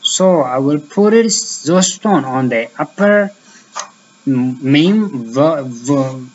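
A woman's voice: low-pitched, a little mellow, muffled recording, a little hiss or hum. A woman from Ethiopia, a native Afaan Oromo speaker, teaching a patient language lesson and repeating each phrase.

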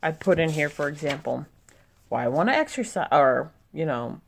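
A woman's voice: sits low, animated, normal speed, vocal fry, a little hiss or hum. A young woman vlogging casually, venting in an irritated way and swearing often. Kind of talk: casual vlog chat.

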